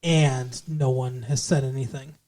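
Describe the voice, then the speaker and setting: A man's voice: medium pitch, fairly even intonation, a little slow, dark tone. A man talks through a film with his co-host in a loose, casual chat. He is blunt and opinionated, and swearing comes easily to him. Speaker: podcast co-host. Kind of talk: casual movie review chat.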